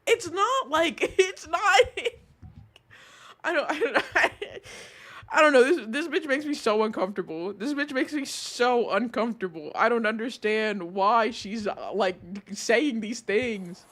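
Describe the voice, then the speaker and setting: A woman's voice: a little high, animated, slow pace, fairly bright tone. A young woman streaming, reacting to a video in a casual, incredulous way, laughing and swearing often.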